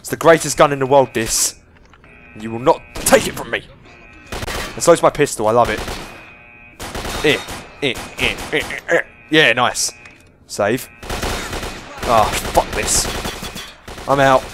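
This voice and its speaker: A man's voice: medium pitch, measured pace, long pauses, slight background noise. A young man commentating on a game he is playing, swearing and breaking into panicky outbursts. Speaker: gameplay commentator. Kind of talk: let's play commentary.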